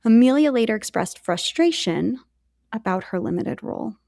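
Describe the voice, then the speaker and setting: A woman's voice: on the high side, expressive, normal speed, vocal fry, dark tone, no room sound, clean studio sound. A woman co-hosting a podcast, telling a history story in a chatty way with jokey asides to her co-host.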